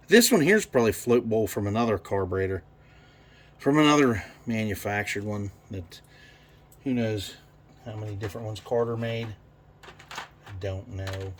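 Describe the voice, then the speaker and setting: A man's voice: fairly low pitch, vocal fry, husky. A man in his garage talking through a carburetor rebuild, rambling and swearing freely as he works. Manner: profane, rambling, thinks aloud. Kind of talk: casual workshop how-to.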